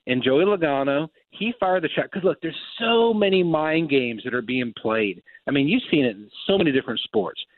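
A man hosting casual racing talk, telling stories with lively quoted voices. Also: on the high side, normal speed, hardly any pauses, no echo. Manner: animated storyteller, acts out quotes. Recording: dry tinny phone-like sound.

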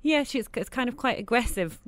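A woman hosting a daytime radio show, chatting in an animated way. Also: lowish voice, brisk, no room sound. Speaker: radio host. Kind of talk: casual radio chat.

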